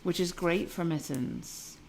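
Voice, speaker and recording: Low-voiced woman chatting and laughing. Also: takes it slowly, gravelly, darkish tone, a little hiss or hum. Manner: chatty, laughs often, trails off mid-sentence. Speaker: podcast co-host. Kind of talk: casual chat. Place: yarn shop. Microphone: recorded on camera.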